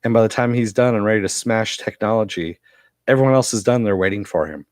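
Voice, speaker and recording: A man's voice: lowish voice, fast talker, dry recording, clean studio sound. Coughing man recapping a TV episode. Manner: rambling with many fillers. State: has a cough. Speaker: TV episode reviewer.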